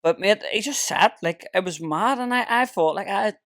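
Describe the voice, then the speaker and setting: A man's voice: high voice, expressive, normal speed, creaky, fairly bright tone, no echo, studio quality. A man from Ireland, hosting a casual podcast chat and telling stories full of swearing and laughter. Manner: swearing storyteller, laughs often. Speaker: podcast host.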